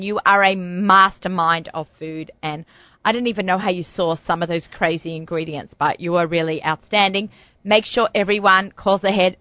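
A woman's voice: on the low side, no echo, dull audio. A woman hosting a radio talk show in a studio, chatty and bubbly, talking with lots of fillers.

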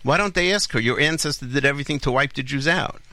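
Bright-voiced man hosting a talk radio show. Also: mid-range voice, fast talker, dry recording. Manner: argumentative, rhetorical questions; explains at length with asides and self-corrections. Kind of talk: opinionated radio commentary.

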